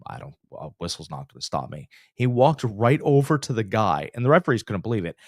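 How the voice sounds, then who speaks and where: A man co-hosting a sports podcast, telling stories in a loose, animated way with frequent restarts. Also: on the low side, a little fast, no echo, clean studio sound. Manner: animated storyteller, trails off and restarts. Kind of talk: casual sports chat.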